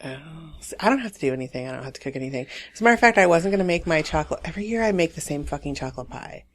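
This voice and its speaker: A woman in her forties co-hosting a podcast, telling animated stories and swearing freely in casual chat. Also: low-pitched, very fast. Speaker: podcast co-host.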